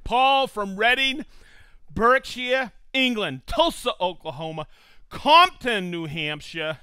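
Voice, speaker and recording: Slow and expressive, a male live show host speaks in a high, sharp, smooth voice on a dry recording. He keeps the live-stream chat casual and upbeat, cheerfully calling out viewers' hometowns and joking with his crew.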